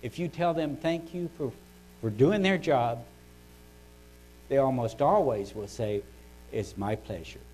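Older man, devotional talk, mid-pitched voice, folksy, chatty, frequent throat-clearing, faint hum behind. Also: lively intonation, measured pace, pauses often, a little mellow, rough recording. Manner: conversational and folksy, often clears his throat. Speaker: devotional speaker.

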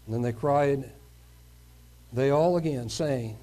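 A man's voice: mid-range voice, slow, mellow. A male preacher giving a sermon, reading a scripture passage aloud and stopping to comment on it in his own words.

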